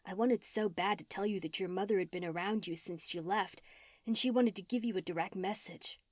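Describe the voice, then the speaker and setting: A woman's voice: mid-range voice, fairly quick, dry recording, clean studio sound, close to an everyday voice. A woman voicing a meek, apologetic young woman. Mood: subdued. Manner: hushed, subdued.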